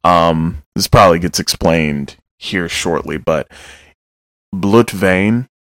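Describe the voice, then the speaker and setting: Low-voiced man casually recapping manga. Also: takes it slowly, a bit bright, no echo, studio quality. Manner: loose, joking, with profanity and asides.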